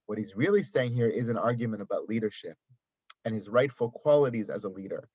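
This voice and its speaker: A man's voice: fairly low pitch, animated, fairly quick, a little mellow, husky, no room sound. A man giving a daily Torah commentary lesson, explaining the text and asking rhetorical questions. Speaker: Torah teacher. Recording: dry, slightly dull sound.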